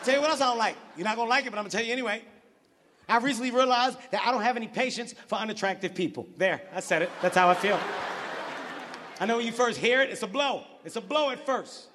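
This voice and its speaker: High-voiced man doing live stand-up. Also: quick pace, noisy background. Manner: profane, shouty, animated storytelling. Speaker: stand-up comedian. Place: large live venue. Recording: live venue with reverb and audience. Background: audience laughter.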